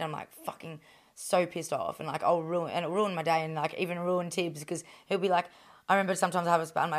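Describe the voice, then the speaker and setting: A woman's voice: on the low side, a little fast. An Australian woman in her thirties, a boxer talking candidly in an interview, blunt and full of swearing, fillers and restarts.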